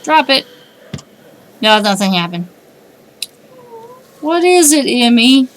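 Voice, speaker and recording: Wry, chatty woman streamer, a bit high. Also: sing-song, takes it slowly. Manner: wry, chatty, thinking aloud and reading on-screen text. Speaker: game streamer. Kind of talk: casual let's-play commentary.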